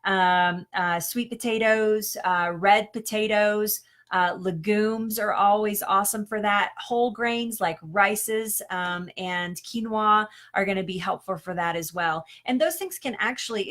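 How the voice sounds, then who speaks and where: A woman's voice: mid-range voice, a bit bright. A woman health coach chatting casually on a live stream, answering questions with lots of ums and restarts and frequent laughs.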